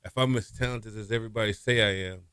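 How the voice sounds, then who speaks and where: Man in his fifties, kinda low voice, easy storyteller, dry mic. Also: fast, clean tone, dry recording. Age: 50s. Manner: relaxed storyteller, trails off softly. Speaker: former college quarterback guest. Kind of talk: interview storytelling. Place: radio studio.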